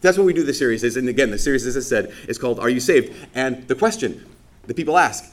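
A male priest preaching a homily at Mass in a relaxed, chatty way. His voice sits at an ordinary middle pitch, and he keeps it lively with filler words and playful acted-out asides. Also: fast talker. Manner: casual and lively, full of fillers, acts out people's reactions in quoted asides. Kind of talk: conversational sermon. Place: church during Mass.

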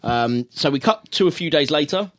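A man's voice: on the high side, animated, moderate pace. Chatty British man recapping a film. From United Kingdom. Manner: rambling recaps with fillers and self-corrections. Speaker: podcast co-host. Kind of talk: casual film review chat.

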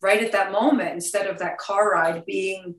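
A woman in her fifties with a New York accent, a guest talking in a casual interview, blunt, profane and quick to laugh. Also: mid-range voice, fairly even intonation, fairly bright tone. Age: 50s. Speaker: actress guest. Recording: roomy sound, distant from the mic.

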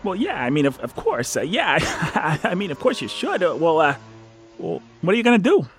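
A man plays an anxious young man who stammers and laughs nervously through a proposal, his voice high and swinging widely. His lines are halting and full of restarts, with soft music underneath. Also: huge pitch swings. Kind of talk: audio drama acting.

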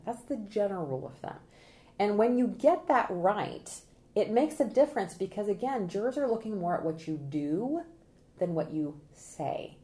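Woman, trial consultant, interview guest, mellow, lively, laughs while explaining. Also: medium pitch, moderate pace. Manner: energetic, animated, acts out quotes with laughs. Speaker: trial consultant and presentation coach.

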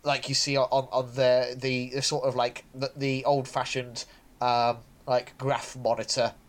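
A man's voice: medium pitch, little pitch movement, unhurried. Rambling, enthusiastic man. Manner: rambling, restarts a lot, enthusiastic. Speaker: podcast co-host. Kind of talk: casual podcast chat.

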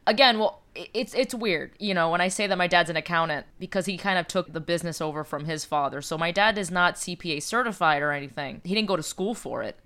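A woman's voice: lowish voice, quick pace, hardly any pauses, a bit bright. A woman co-hosting a casual chat, slangy and emphatic, often laughing.

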